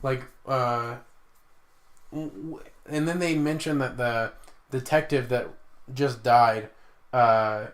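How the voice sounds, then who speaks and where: Chatty man with halting fillers. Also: medium pitch, fairly even intonation. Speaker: podcast co-host. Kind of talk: casual movie recap chat.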